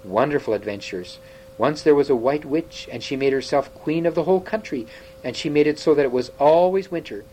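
A man reading aloud, voicing an eager, timid boy prince who babbles quickly in a raised voice. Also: on the high side, dark tone, a little hiss or hum, natural voice, low-quality recording. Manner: eager babbling, then faltering.

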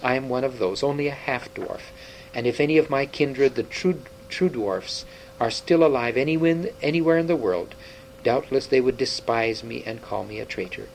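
A wise, sorrowful old half-dwarf scholar speaks with grave tenderness, as a male reader puts him on. His voice sits at an ordinary pitch. A faint hum runs behind him. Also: normal speed, creaky, lightly acted, poor audio. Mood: earnest.

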